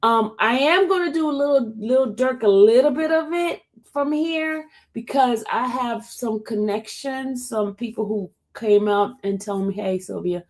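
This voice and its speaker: A woman hosting a casual livestream, chatting and answering viewer comments in an expressive way. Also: on the high side, measured pace, hardly any pauses. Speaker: livestream host covering court cases. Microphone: streaming setup.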